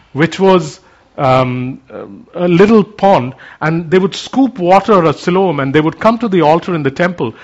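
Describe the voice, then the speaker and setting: A man preaching a sermon, moving from quiet reflection into fervent declaration. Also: high voice, highs cut off.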